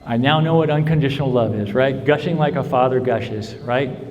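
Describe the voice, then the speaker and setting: A man's voice: medium pitch, moderate pace, darkish tone, muffled recording, a little hiss or hum. A man telling his own recovery story to a convention crowd, in earnest storytelling with frequent "right?" checks. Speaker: recovery speaker. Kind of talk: personal testimony talk. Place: large convention hall. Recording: convention hall with long reverb.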